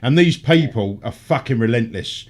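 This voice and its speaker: A man's voice: mid-range voice, lively intonation, moderate pace. A middle-aged man, hosting a casual radio chat and ranting with heavy swearing. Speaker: radio show host.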